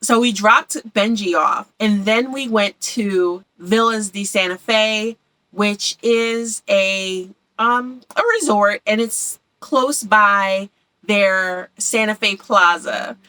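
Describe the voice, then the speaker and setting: A woman's voice: medium pitch, takes it slowly, pushed and bright, no room sound, low-quality recording. A young woman from Philadelphia chatting casually and enthusiastically about her travels, repeating words for emphasis. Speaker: travel vlogger.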